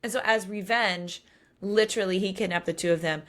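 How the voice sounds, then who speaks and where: A woman's voice: mid-range voice, fairly quick, a bit bright. Chatty woman recapping a book. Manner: chatty, recaps plot with acted-out quotes. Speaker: podcast co-host. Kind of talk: casual book discussion.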